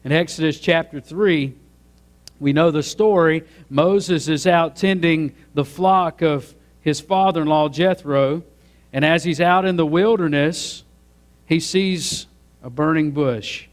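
A man's voice: a little high, slow. A pastor delivering a sermon from the pulpit. He is a man whose voice sits a little above the usual male range. He talks straight to the congregation and climbs into emphatic, rising build-ups.

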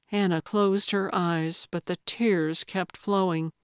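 A woman reading a cozy mystery audiobook in calm, measured scripted narration. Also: fairly low pitch, smooth, no echo, studio quality.

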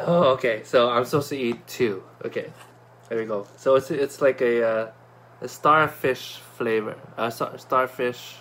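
A man chatting casually in a product review vlog, excitable and talkative, with many fillers and restarts. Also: medium pitch, unhurried, a little hiss or hum.

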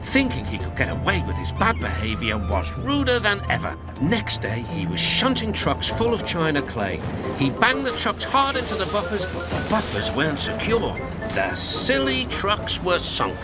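A man reads a children's storybook aloud with very animated swoops of pitch. His voice sits a bit high. Music plays under the narration. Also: moderate pace. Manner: expressive, lively reading.

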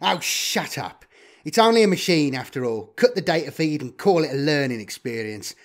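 A man's voice: on the high side, animated, normal speed, natural voice. A man playing a greedy, sardonic human data trader in an audio story. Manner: wheedling, sardonic.

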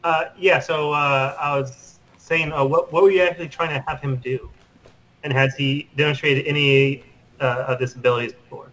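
Higher-voiced man asking at a game table. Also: fairly even intonation, a bit bright, rough recording. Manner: quick questions, hesitant uhs. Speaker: player. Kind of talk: casual tabletop play.

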